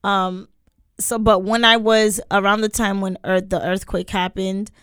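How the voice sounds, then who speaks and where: Young woman, from Haiti, casual podcast chat, smooth voice, dry sound. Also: mid-range voice, level tone, unhurried, fairly bright tone, dry recording. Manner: conversational, many fillers.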